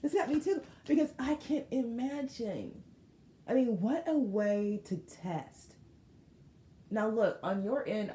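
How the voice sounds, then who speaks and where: Lady doing a tarot reading, slangy, laughs a lot, kinda low voice in an echoey room. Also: a little hiss or hum. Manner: animated, laughs often, slangy and emphatic. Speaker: tarot reader. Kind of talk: casual tarot reading to viewers.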